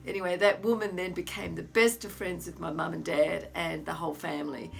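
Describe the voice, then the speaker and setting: Gravelly-voiced older woman telling a story. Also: fairly low pitch, a little fast, slight background noise. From Australia. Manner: animated anecdote with acted-out quotes. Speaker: interviewee sharing memories. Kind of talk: casual storytelling.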